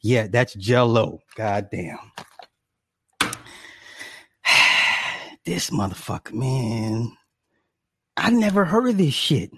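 A man's voice: mid-range voice, lively intonation, slow pace, gravelly, pauses often, background noise. A young man at home telling his viewers a story in a casual rant, indignant and exaggerated, swearing and laughing often. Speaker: livestreamer talking to viewers.

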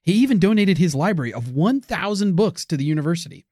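A man's voice: high voice, sing-song, quick pace, a little mellow, dry recording, studio quality. A man co-hosting a comedic paranormal podcast, reading facts with wry asides. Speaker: podcast co-host.

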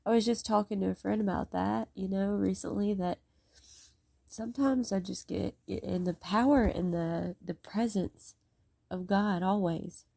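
Woman, mellow dark tone, dry close sound, emotional devotional chat, near tears. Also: medium pitch, fairly even intonation, a little slow, dry recording. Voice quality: voice a bit rough today. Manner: emotional, rambling, talkative. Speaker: faith vlogger. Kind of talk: casual devotional talk and scripture reading.

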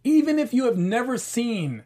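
A man's voice: extremely high pitch, big pitch swings, moderate pace, warm tone. A young man as a guest on a TV recap panel, talking enthusiastically and joking. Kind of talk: casual TV recap chat.

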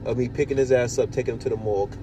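A man hosting a podcast in casual chat, telling profane, animated stories. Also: mid-range voice, very fast, background noise. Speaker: podcast host.

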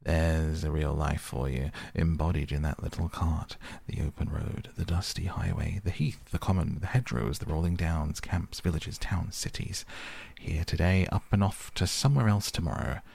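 A grand, excitable toad who boasts and coaxes, as a man reads him in a soft bedtime storybook telling. The voice sits low and gravelly, close and dry. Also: normal speed, no echo, exaggerated voice. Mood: enthusiastic. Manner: pompous, enthusiastic, coaxing. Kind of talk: soft bedtime audiobook reading.

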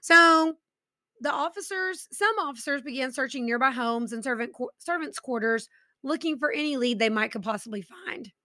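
A woman hosts a true-crime podcast, telling the story casually. She drops in personal asides. Her voice is bright and crisp. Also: sits high, expressive, moderate pace, dry recording, studio quality. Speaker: podcast host.

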